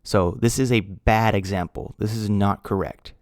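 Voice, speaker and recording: A man teaching an English grammar lesson, speaking slowly and deliberately, spelling out letters and repeating key words. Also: fairly low pitch, fairly even intonation, a little mellow, dry recording, studio quality. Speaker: ESL teacher.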